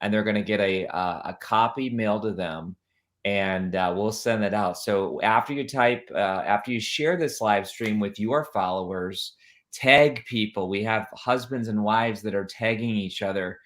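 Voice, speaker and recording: A man's voice: on the low side, moderate pace, a bit bright. A man hosting a live-streamed interview, upbeat and urging viewers to share and tag people. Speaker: host.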